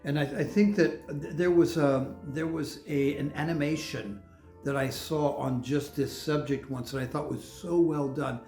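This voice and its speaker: Older man, pastor, gravelly voice, chatty sermon, roomy echo, faint music. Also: a little high, steady tone, normal speed, a little mellow. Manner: candid, chatty, laughs often, many restarts. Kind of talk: conversational sermon. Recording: echoey room with faint music.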